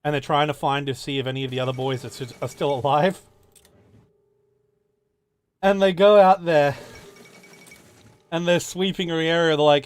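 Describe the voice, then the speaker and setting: A man hosting a casual gaming chat, telling stories with animated repeats. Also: fairly high pitch, normal speed, long pauses, clean tone. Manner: animated storyteller, repeats phrases.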